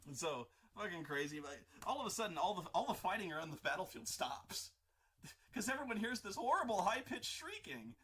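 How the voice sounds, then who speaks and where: Man, livestream host, animated storyteller, swears a lot, bright tone, lively pitch. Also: brisk. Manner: animated, profane, full of restarts and acted-out voices. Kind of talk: casual storytelling during an art stream.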